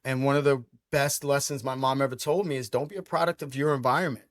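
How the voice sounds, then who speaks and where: Energetic New man telling his story. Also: mid-range voice, quick pace, dry recording, studio quality. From Brooklyn, New York. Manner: energetic, emphatic, repeats words when starting phrases. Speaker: franchise owner guest. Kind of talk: storytelling interview.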